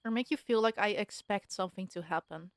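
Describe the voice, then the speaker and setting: A gentle, awkward male therapist from a story game who chooses his words carefully and apologizes easily, as a woman reads his lines. He speaks softly and cautiously in a middle register, and the recording is dry and close. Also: mid-range voice, brisk, no room sound, close to an everyday voice. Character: gentle awkward male mental health worker.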